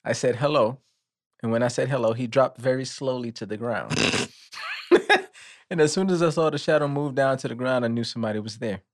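A man's voice: mid-range voice, brisk. A man co-hosting a casual podcast, reading a news story aloud with dry comic timing.

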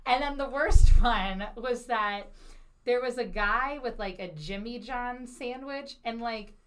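A young adult woman with a slow, rather high voice hosts a podcast, telling a funny story in relaxed chat. She animatedly acts out what people said, laughs mid-sentence, and swears freely.

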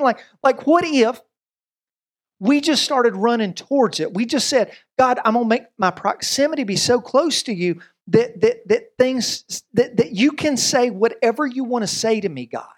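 Animated pastor preaching. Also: male voice, extremely high pitch. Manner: conversational, animated preaching with quick asides and voiced quotes. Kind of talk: sermon.

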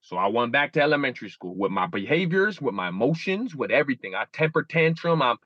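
A thirty-something man, interviewed as a guest, talks fast with big pitch swings in a medium-pitched voice. Earnest and emotional, he repeats, restarts, and voices his inner thoughts aloud, captured in a muffled recording without echo.

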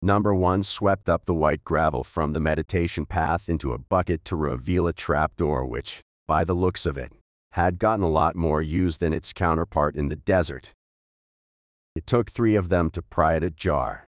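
A man reading a story aloud in a steady, measured way. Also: very deep voice, no room sound, studio quality. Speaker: narrator. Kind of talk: audiobook narration.

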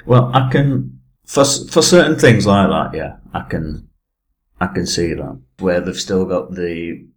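A man's voice: sits low, a little slow. A man in casual chat, explaining space topics with many fillers.

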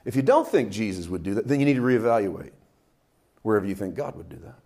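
A man preaching a sermon from Canada, animated, swinging between loud outbursts and quiet asides as he acts out quotes. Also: quick pace. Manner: animated preaching with big swings in loudness and pitch, acting out quotes. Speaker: pastor.

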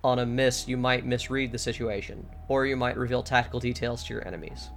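Joking rules-minded game player. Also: male voice, medium pitch, steady tone, brisk, gravelly, slight background noise. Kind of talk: tabletop game table talk.

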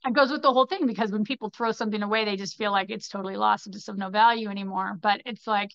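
This podcast guest, a fashion designer, speaks fast in a gravelly, medium-pitched voice with fairly even intonation. She rambles through conversational stories peppered with "like" and "you know," and the audio is dull and muffled with no echo.

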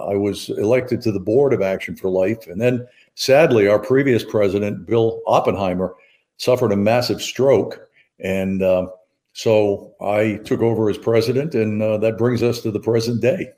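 A man's voice: on the low side, moderate pace, mellow. A man with a faint Maine accent, a guest talking in an easygoing, self-deprecating way with a trained radio voice. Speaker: guest, charity president. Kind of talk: casual interview.

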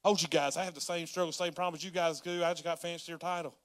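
A man preaching a sermon as a pastor, folksy and conversational, rising to loud pleading. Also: a little high, fairly even intonation, quick pace. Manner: folksy Southern-style preaching, rising to yelling in acted prayers.

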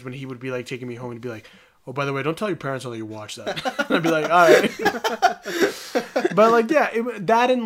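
A man chats casually with friends, spinning childhood stories and slipping into playful acted-out quotes. He laughs easily, and his voice sits at an ordinary middle pitch. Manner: animated storyteller, acts out quotes, laughs often. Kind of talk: casual chat among friends.

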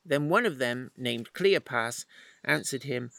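A man's voice: medium pitch, lively intonation, measured pace, vocal fry, sharp tone, no echo, low-quality recording. A man teaching from the Bible outdoors in the wind, retelling the story in a chatty, playful way with asides. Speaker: preacher.

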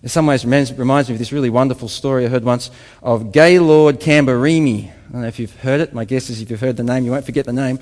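A man preaching a sermon to a congregation, emphatic, with rhetorical questions and quieter reflective passages. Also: mid-range voice, steady tone, quick pace, few pauses, in a large hall. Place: church hall with congregation.

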